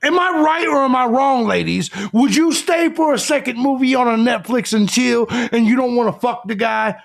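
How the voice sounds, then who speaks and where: A man's voice: very high voice, normal speed, creaky. A man hosting a live stream, ranting crudely and combatively as he lectures his audience. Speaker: live show host.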